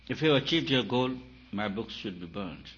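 A man with a lowish voice delivers a spiritual talk, pressing his points through repetition. His loudness swells and drops as he emphasizes. The recording is dull and lo-fi, with a faint hiss behind him. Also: lively intonation, normal speed. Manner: emphatic, repeats phrases, rises and falls in loudness. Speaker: spiritual teacher.

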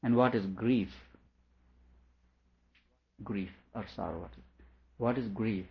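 Low-voiced man explaining scripture. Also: slow, vocal fry. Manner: repeats questions aloud, then explains patiently. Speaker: teacher. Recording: dull lo-fi recording.

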